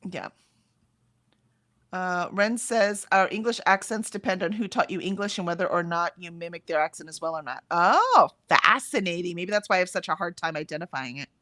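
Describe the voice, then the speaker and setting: A woman's voice: fairly low pitch, moderate pace, pushed and bright, no room sound. An American woman with a general, accentless American voice, chatting casually on a livestream, reading out chat comments with frequent ums. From United States. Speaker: livestream co-host.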